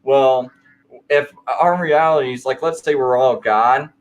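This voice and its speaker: A man's voice: mid-range voice, a little slow. A man telling a personal conversion story in a casual late-night chat, rambling and full of fillers.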